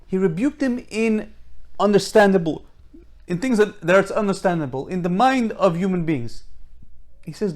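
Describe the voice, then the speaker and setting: A man's voice: sits high, animated, moderate pace. A man giving an informal Torah lecture, emphatic and full of rhetorical questions, often restarting his sentences. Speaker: Torah teacher.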